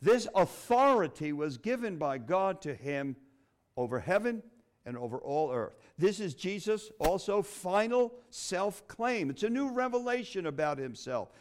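A middle-aged man preaches with a high voice that leaps up and down in pitch. He speaks expressively, with dramatic pauses and flashes of humor. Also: big pitch swings. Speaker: pastor. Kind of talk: sermon.

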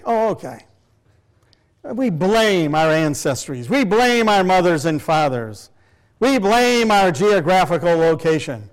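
A man's voice: high-pitched, sing-song, slow. An older man preaching a sermon to a congregation, emphatic and full of rhetorical questions. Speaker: pastor.

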